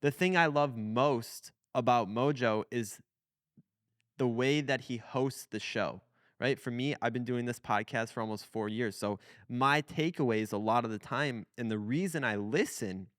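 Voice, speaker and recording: A young man in his twenties hosts a casual podcast conversation, rambling along with plenty of fillers and restarts. His voice is smooth and clear at a middle pitch. The sound is close and dry. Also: a little slow, fairly bright tone, no room sound. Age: 20s. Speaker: podcast host.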